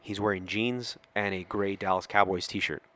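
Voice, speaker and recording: A man's voice: sits low, normal speed. A middle-aged man, a police officer, telling a story on a podcast and acting out the quoted lines. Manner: animated storyteller who acts out quoted lines.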